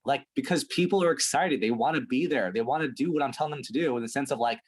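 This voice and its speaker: A man coaching a sales team in blunt, profane, animated talk, acting out short scenes. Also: mid-range voice, fast, few pauses, slightly rough.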